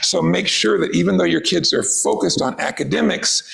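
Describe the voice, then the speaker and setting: A man presenting a wellness workshop to parents, calmly inviting listeners through guided exercises. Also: high voice, moderate pace, gravelly, low-quality recording.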